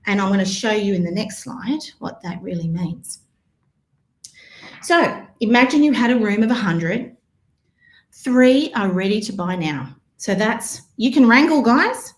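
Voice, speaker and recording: Upbeat woman coach with a bright high voice, roomy echo around her, chatty teaching delivery. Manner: energetic, chatty, addresses audience as guys. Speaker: marketing coach presenting. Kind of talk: live online workshop talk.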